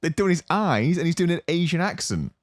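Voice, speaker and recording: A young adult man co-hosting a podcast, casually telling a long story with lots of fillers and animated asides. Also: on the high side, a little fast, no echo. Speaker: podcast co-host. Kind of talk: casual chat.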